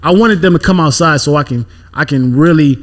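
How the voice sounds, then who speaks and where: A man's voice: fairly high pitch, fairly quick. A young man, a podcast guest, telling a story casually and animatedly, acting out what people said and swearing freely.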